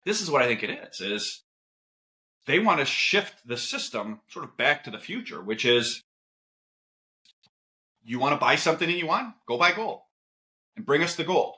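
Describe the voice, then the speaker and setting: Podcast guest guy, bright forceful voice, keeps jumping into asides. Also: fairly high pitch. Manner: animated, lively storytelling with quick asides. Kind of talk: casual podcast conversation.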